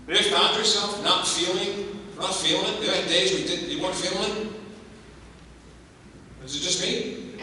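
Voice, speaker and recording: An older man giving an energetic motivational keynote to a staff convocation, throwing rhetorical questions at the crowd and stressing his points. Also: sits high. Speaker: motivational speaker. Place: large hall at a staff convocation. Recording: echoey hall, distant mic, faint noise.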